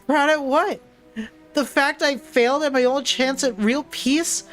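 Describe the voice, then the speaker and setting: A woman's voice: high-pitched, fairly even intonation, a little slow, a bit bright, soft background music, pitched above the performer's own voice. A woman reading aloud, voicing a despairing, exhausted teenage girl who breaks into anger. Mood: bitter. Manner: raw, pleading, breaking into anger.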